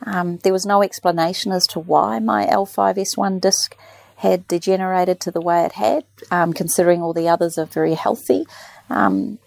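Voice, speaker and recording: A woman telling a lively story in casual chat, acting out the people she quotes. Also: on the low side, normal speed, gravelly, no echo. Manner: animated storyteller, mimics nurses. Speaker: podcast guest.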